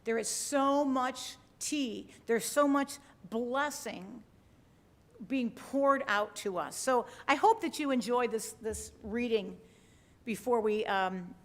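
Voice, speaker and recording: A woman's voice: fairly high pitch, slow pace. A woman pastor giving a conversational sermon to an online congregation, often checking in with her listeners. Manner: conversational, asks the listeners with frequent tag questions. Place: church livestream.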